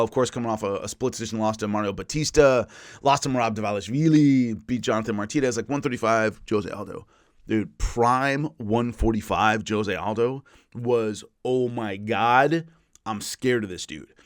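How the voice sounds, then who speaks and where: A man, an MMA analyst, talking casually through a list with animated storytelling and quick asides. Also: mid-range voice, no echo, studio quality. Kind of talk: casual spoken rundown. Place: California.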